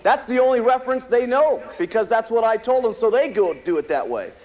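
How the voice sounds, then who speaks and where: The founder of a company, an American man, rallies a live audience at a company meeting with an emphatic motivational speech that repeats its points and tells stories. His very high voice is animated and brisk with a darkish tone, and the recording quality is low.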